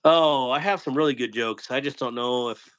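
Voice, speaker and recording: A man's voice: medium pitch, normal speed, fairly bright tone. A man hosting a casual live stream, rambling loosely and telling corny jokes to his viewers.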